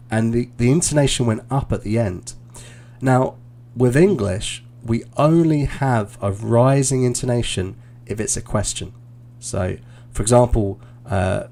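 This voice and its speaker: A man with a gravelly, creaky voice gives a student feedback during a live online lesson. He is relaxed and encouraging and often pauses, restarts and fills gaps with "um" as he explains. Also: medium pitch. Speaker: IELTS teacher and examiner. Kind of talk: live-streamed feedback after a mock speaking test.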